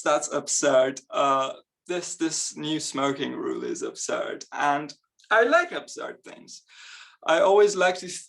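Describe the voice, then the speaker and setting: A man's voice: a little high, fairly bright tone. A young man performing a stand-up comedy set, chatty and self-mocking, laughing between his lines. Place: live comedy event on stage.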